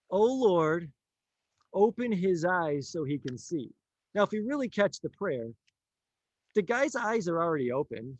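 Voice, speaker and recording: A man telling a story in a casual conversation, animated, acting out the lines of the people in it and laughing often. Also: a little high, no echo, muffled recording. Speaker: author and teacher.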